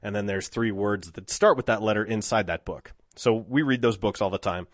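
With a lowish voice at a moderate pace and no room sound, a man in his thirties hosts a podcast on his own. He reflects and rambles, restarting as he goes, and there's a dry-mouth quality to his voice.

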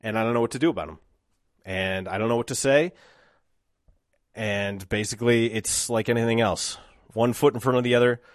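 A man in his thirties hosts a solo podcast, speaking briskly at a medium pitch with frequent pauses and no echo. His talk is reflective and rambling, full of restarts, and his mouth sounds dry.

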